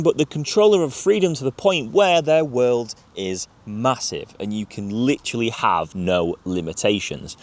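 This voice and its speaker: A man giving emphatic, direct training advice as a gundog trainer. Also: mid-range voice. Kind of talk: instructional talk to viewers.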